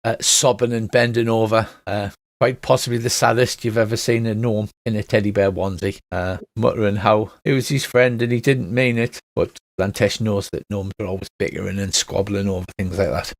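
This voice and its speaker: A man's voice: fairly low pitch, steady tone, brisk, hardly any pauses, dry recording. A man narrating as game master for a tabletop game, hesitant and full of filler sounds.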